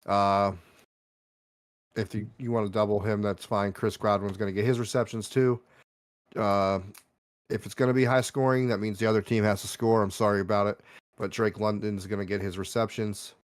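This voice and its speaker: A man's voice: lowish voice, level tone, moderate pace, no room sound. A man co-hosting a casual sports betting chat, laid-back, reasoning step by step with many fillers. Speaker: podcast co-host.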